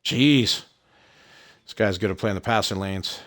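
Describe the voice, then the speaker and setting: Low-voiced man streaming a basketball game. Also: little pitch movement, a little fast, a bit bright. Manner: chatty, grumbles at the game, laughs it off. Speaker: gaming streamer. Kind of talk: casual live gameplay commentary.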